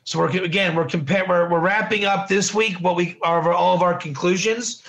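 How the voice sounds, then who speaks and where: Teaching a relaxed Bible study class, a man speaks at a normal speed in a high, steady, slightly bright voice. He's conversational, repeating words and restarting his thoughts, and he often puts questions to the class.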